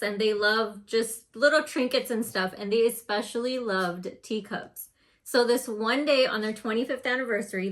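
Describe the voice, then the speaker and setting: Earnest bright-voiced woman storyteller. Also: a little high. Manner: earnest, addresses the listener directly. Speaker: motivational storyteller. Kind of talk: motivational storytelling.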